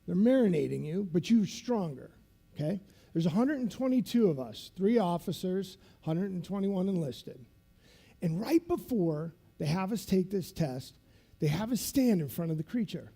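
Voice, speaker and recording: A man's voice: sits high, expressive, normal speed, creaky, mellow, faint music behind. A man in his fifties giving a motivational keynote, telling a vivid story and checking in with the audience as he goes. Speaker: keynote speaker.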